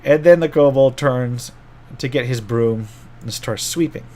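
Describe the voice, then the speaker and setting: A man's voice: mid-range voice, unhurried, a little mellow. A middle-aged man, a game master, casually telling a rambling story from an old tabletop game and often correcting himself as he goes.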